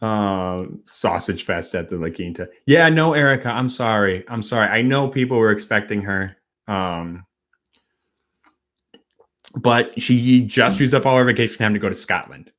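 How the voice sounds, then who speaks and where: Man from Wisconsin, livestream host, low voice, rambling, halting, slightly tipsy. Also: fairly bright tone. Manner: rambling, halting, with many fillers and restarts. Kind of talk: casual late-night livestream chat.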